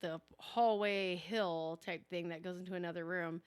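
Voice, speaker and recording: A woman's voice: on the low side, fairly even intonation, normal speed, clear, resonant tone. A woman casually recapping a movie in a chatty, rambling way, full of fillers. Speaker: movie reviewer.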